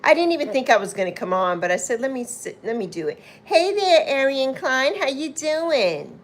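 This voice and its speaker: A woman's voice: high voice, sing-song, moderate pace. A woman hosting a casual livestream, greeting viewers by name and calling them "my love" and "honey". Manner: warm, chatty, calls viewers "my love" and "honey". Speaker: livestream host.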